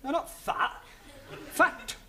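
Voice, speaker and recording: An actor playing an exasperated but patient young English teacher in a 1970s studio sitcom. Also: male voice, very high-pitched, lively intonation, moderate pace, sharp tone, exaggerated voice.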